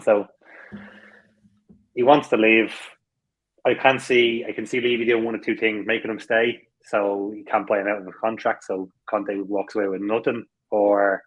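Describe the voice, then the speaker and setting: A man's voice: lowish voice, breathy edge, rough recording. A man co-hosting a casual football podcast, explaining his view in a plain-spoken way. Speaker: podcast co-host.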